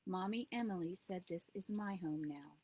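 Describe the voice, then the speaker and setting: A woman's voice: fairly low pitch, moderate pace, a little mellow, slight background noise, close to an everyday voice. A woman reading a storybook aloud and voicing a small, frightened girl who pleads and stammers through tears. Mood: timid. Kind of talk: audiobook reading.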